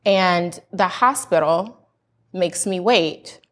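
A young woman from the United States recounts a personal story in candid conversation. She is earnest and animated. Her voice sits a little low for a woman. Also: slow. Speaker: panel guest sharing a birth story. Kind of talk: candid casual chat.

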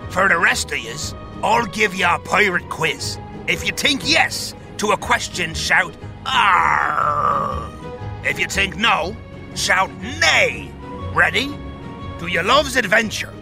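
A man voicing a gruff, boastful British pirate with pirate slang in a podcast skit. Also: high voice, animated, takes it slowly, over music, heavily acted. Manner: pirate slang, growled "arr".

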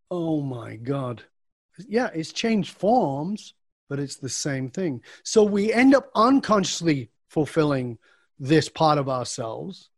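This middle-aged man has a high-pitched voice, captured dry and at studio quality. He's a coach on a podcast answering an interviewer, animatedly performing the dialogue in his stories.

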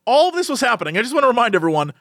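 Animated high-voiced man telling a story. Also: rapid-fire, no echo, studio quality. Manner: animated, laughs often, acts out quoted people. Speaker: podcast co-host. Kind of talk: casual storytelling chat.

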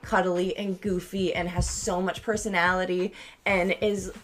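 Young woman, podcast co-host, lowish voice, rambling chatty delivery, faint music under it. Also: little pitch movement, measured pace. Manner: rambling, full of likes and restarts. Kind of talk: casual chat.

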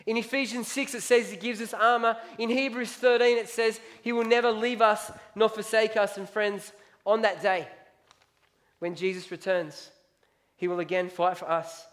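A man's voice: high voice, steady tone, normal speed, fairly bright tone. A man preaching a sermon, emphatic, reading scripture aloud and repeating key lines.

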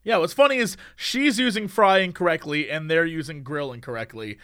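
A man co-hosting a casual podcast chat, teasing his partner with jokes and laughing quickly. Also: on the high side, bright, forceful tone. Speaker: podcast co-host.

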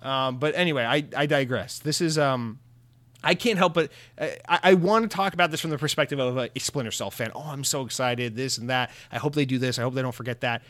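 A man's voice: medium pitch, fairly bright tone, dry recording. Sarcastic ranting man, dry sound. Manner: sarcastic, profane, mocking impressions of companies. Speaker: gaming commentator. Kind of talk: ranting video commentary.

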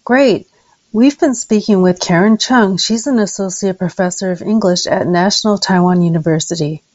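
A woman hosting a podcast, closing an interview and reading a sponsor message in a clear announcer-like way. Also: mid-range voice, moderate pace, a little mellow, dry recording, lo-fi sound. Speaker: podcast host.

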